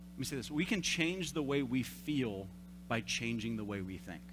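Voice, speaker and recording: A man in his thirties, a young adults pastor, giving a conversational sermon with animated, self-deprecating stories. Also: mid-range voice, noisy background. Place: church service.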